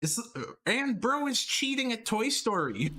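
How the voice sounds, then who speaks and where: A man's voice: very high voice, very animated, a little slow, sharp tone. A man streaming live, reacting to a video with blunt, laughing, mocking commentary.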